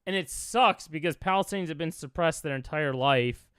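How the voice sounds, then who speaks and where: Young man, streamer, reaction talk, rambling, emotional, lots of fillers, slightly high voice. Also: normal speed, a bit bright, clean tone, no room sound, clean studio sound. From Chicago.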